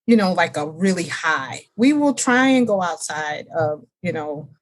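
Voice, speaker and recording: A woman's voice: on the low side, sing-song. A woman co-hosting a casual book-chat podcast, chatty and emphatic in her opinions. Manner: emphatic, drawn-out complaints, chatty. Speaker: podcast co-host.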